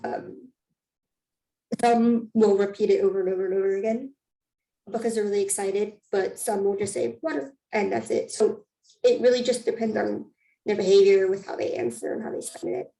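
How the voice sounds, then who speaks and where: A woman's voice: mid-range voice, fairly even intonation, moderate pace, gravelly, mellow. A woman teaching sign language, patiently explaining how signs are used. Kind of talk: explaining in an online class. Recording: roomy, distant from the mic.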